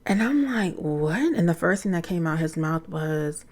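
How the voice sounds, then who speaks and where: A woman's voice: low voice, a little slow, few pauses. A woman in her thirties hosting a casual talk, candidly telling a story about her teenage son and acting out quoted lines. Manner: candid, animated, acts out quotes in conversation. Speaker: podcast host, mother of a teen.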